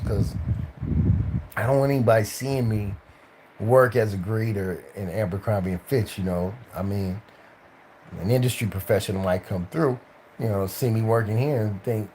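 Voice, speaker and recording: A tired actor tells career stories late at night on a casual live stream. His lowish, warm voice moves a little slowly over a slight hiss or hum, and he rambles with many fillers and restarts, slipping into voices for other people.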